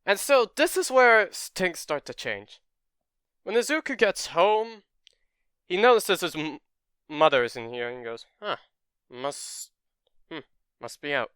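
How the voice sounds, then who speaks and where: A man's voice: high voice, sing-song, unhurried, a bit bright, smooth, no room sound, clean studio sound. A man casually narrating a fan story in a rambling way, correcting himself as he goes.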